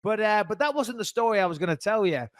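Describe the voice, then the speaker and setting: A middle-aged man hosting a podcast, telling a story in casual chat, lively and swearing freely. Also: sits high, fast talker, no room sound. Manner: animated, swears freely, acts out voices in anecdotes. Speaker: podcast host.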